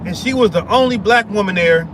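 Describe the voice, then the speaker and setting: A man's voice: high-pitched, brisk, background noise. A man telling a heated story in a casual rant, stammering and repeating himself. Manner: heated, repetitive, restarts and stammers. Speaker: vlogger.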